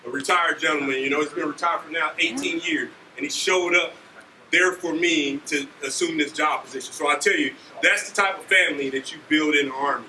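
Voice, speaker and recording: A bright-voiced man in his forties from Ohio gives an animated, story-filled talk to students, often asking "right?" His voice sits high for a man. It echoes around a large room and is picked up from a distance. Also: fairly quick. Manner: animated, acts out scenes, keeps asking "right?". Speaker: army leader speaking to students. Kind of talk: motivational storytelling speech. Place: school auditorium. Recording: echoey hall from far off, faint noise.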